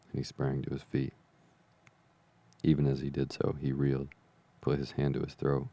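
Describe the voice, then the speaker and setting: Deep gravelly audiobook narrator, a man. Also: dark tone. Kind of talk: scripted narration.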